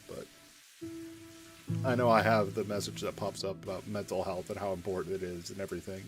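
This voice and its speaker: A man streaming a game, speaking candidly in halting, emotional phrases with his voice thick with tears. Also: deep voice, level tone, over music. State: tearful, choked up. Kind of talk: casual let's-play commentary.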